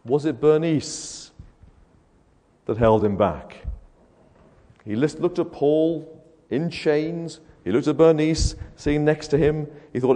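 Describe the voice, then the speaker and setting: A man preaching an evangelistic sermon, firing rhetorical questions and swinging between hushed and loud delivery. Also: fairly high pitch, slow, long pauses. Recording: echoey hall.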